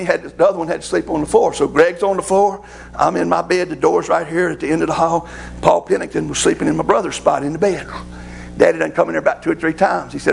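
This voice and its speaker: A middle-aged man delivers a sermon through folksy, animated stories. His voice sits high and carries a rough, gravelly edge, with a faint hiss of noise behind it. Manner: folksy, animated storytelling with laughs. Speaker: preacher. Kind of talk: storytelling sermon.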